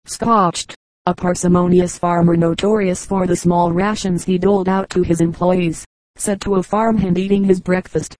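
Female reader for comic anecdotes; steady delivery, mellow timbre, dry recording. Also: lowish voice, normal speed, no echo, rough recording. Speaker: audiobook reader. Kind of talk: reading humorous anecdotes aloud.

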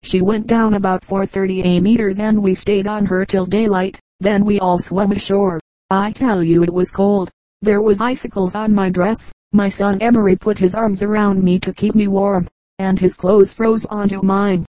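A woman's voice: level tone, moderate pace, mellow, no echo, close to an everyday voice, rough recording. Woman reading as a blunt old river captain. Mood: blunt, firm. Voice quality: hoarse, deep and strong. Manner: blunt, firm retorts.

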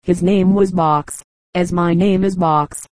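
Flat, low-voiced woman reading aloud. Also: takes it slowly, no room sound, rough recording. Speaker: audiobook reader. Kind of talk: reading a comic periodical aloud.

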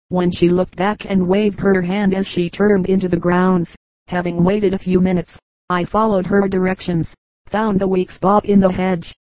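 A woman narrating an audiobook in a steady, measured reading. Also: on the low side, no echo, low-quality recording. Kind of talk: scripted narration.

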